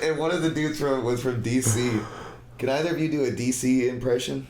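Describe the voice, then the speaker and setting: A man's voice: medium pitch, brisk, darkish tone. A man in his twenties, a comedian guest telling a rambling story in casual chat, laughing often and swearing a lot. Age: 20s. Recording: echoey room with faint noise.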